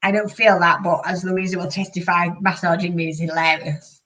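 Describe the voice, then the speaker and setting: A woman's voice: on the low side, fairly even intonation, brisk, fairly bright tone, recorded from a distance, rough recording. A younger woman co-hosting a casual live chat over a video call, frank, laughing and self-mocking. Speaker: co-host.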